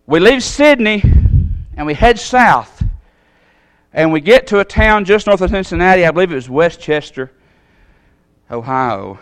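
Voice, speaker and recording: Folksy storytelling man, fairly high voice. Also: normal speed, clean tone. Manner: folksy, animated storytelling with big pitch jumps. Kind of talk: storytelling sermon.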